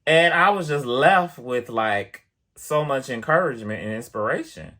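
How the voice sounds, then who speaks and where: A man vlogging, chatty and animated as he tells a personal story to the camera, full of casual fillers. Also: mid-range voice, normal speed. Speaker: vlogger and piano teacher.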